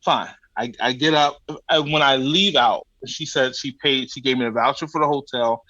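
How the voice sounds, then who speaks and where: A podcast guest with a mid-range voice and moderate pace recounts a funny travel mishap in casual conversation. He's colloquial, swears casually, and animatedly acts out exasperated exchanges with the people involved. The recording is muffled, with no room sound.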